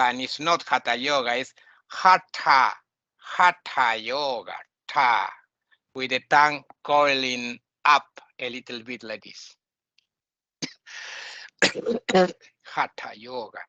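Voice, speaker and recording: Male lecturer who drills pronunciation slowly and emphatically; bright voice, dull dry lo-fi sound. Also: mid-range voice, no room sound. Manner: emphatic, repeats and corrects words. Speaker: teacher. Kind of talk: lecture on Sanskrit texts. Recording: dull lo-fi recording.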